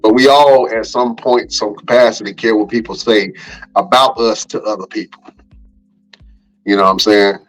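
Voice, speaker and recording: A man on a podcast panel, giving earnest, reflective advice in a casual, measured way. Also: lowish voice, rough recording.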